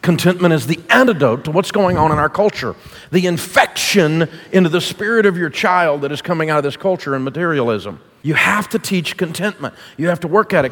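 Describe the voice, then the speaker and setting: Lively high-voiced man preaching in a big hall. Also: normal speed. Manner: folksy, punchy, jokey storytelling. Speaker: guest speaker. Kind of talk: preaching to a church congregation. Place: church auditorium. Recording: long reverb of a large hall.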